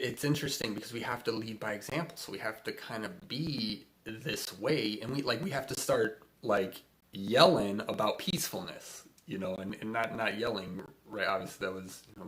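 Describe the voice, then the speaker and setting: A man's voice: on the low side, fairly bright tone. A man hosting a casual spiritual talk, rambling with many fillers and frequent chuckles. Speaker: spiritual host.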